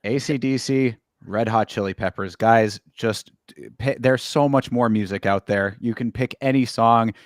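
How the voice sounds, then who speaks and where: A man's voice: medium pitch, measured pace, no room sound, clean studio sound. Easygoing male podcast co-host. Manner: easygoing, filler-heavy. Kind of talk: casual sports chat.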